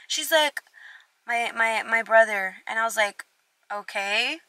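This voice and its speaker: A woman's voice: on the high side, a little slow, dry recording. A young woman vlogger telling a storytime, swearing freely and acting out both sides of the conversations. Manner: expressive, swears a lot, acts out both sides. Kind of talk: storytime vlog.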